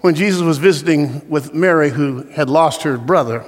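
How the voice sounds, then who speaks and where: High-voiced preacher in a reverberant hall. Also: male voice, moderate pace. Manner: storytelling, rising to impassioned shouts. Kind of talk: sermon.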